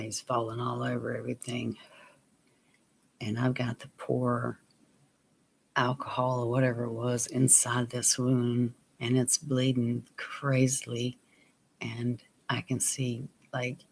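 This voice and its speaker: A man telling a personal story on his vlog, plain and unhurried, sometimes dropping to a near whisper. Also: medium pitch, creaky, a little mellow, a little hiss or hum. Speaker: vlogger.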